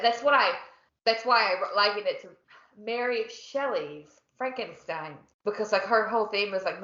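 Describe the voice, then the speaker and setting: A woman's voice: lowish voice, a bit bright. Jokey woman co-host, loose chat, echoey and muffled recording. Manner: chatty, joking, trails off mid-sentence. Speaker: podcast co-host. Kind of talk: casual chat over wine.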